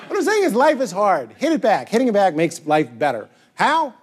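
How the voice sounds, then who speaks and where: A man performing stand-up comedy on stage, animated and goofy, breaking into shouted bits. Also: high voice, brisk, few pauses, background noise. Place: comedy stage before a live audience. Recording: live audience laughter.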